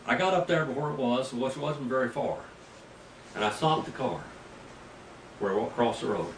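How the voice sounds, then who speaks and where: An older male pastor spins a folksy story from the pulpit, his voice jumping into loud outbursts. He stands away from the mic in a roomy space, with a faint hum of noise behind him. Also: mid-range voice, moderate pace, recorded from a distance. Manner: folksy, animated storytelling with sudden loud bursts. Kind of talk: storytelling sermon. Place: mission field, preaching to a group.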